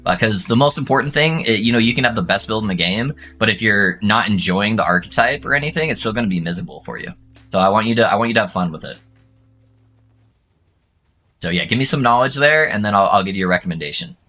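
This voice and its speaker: A young adult man with a low, bright, forceful voice chats casually while streaming a game. He talks loosely to his viewers and breaks into excited whoops and laughs. Faint music plays under him. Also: fast. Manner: excited whoops and laughs between relaxed chatter. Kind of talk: casual gaming stream chat.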